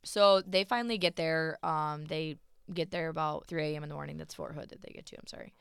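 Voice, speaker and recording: A woman co-hosting a podcast, retelling a story in casual chat, swearing often and talking in an animated way. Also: low-pitched, a little fast, creaky, smooth, no room sound. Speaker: podcast co-host.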